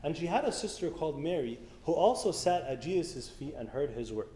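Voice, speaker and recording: In an echoey hall with a faint hum of room noise, a man addresses a church youth meeting. His voice is on the high side and mellow, very animated and brisk, and his sermon stays casual and conversational as he keeps asking the audience questions.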